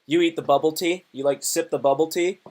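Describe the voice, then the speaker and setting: A man's voice: a little high, fairly even intonation, fairly quick, darkish tone, a little hiss or hum. A man doing a casual comedy live stream, talking in a rambling, crude, joking way.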